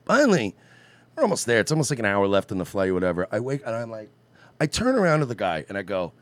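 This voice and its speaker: A man's voice: fairly low pitch, very animated, fast, no echo. A man co-hosting a podcast, telling crude stories in casual chat and quoting what he and others said. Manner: crude, joking, quotes himself and others. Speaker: podcast co-host.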